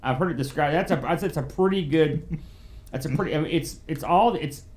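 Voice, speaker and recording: A man's voice: on the high side, fairly quick, darkish tone. A man co-hosting a retro gaming podcast, chatting casually and explaining things at length with many restarts. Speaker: podcast co-host. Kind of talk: casual chat.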